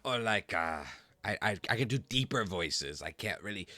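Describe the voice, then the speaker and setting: A lower-pitched man runs a casual tabletop game as game master, rambling easily and pausing for fillers. His voice is bright and lively, recorded close and dry. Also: no echo. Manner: easygoing, rambling, full of fillers.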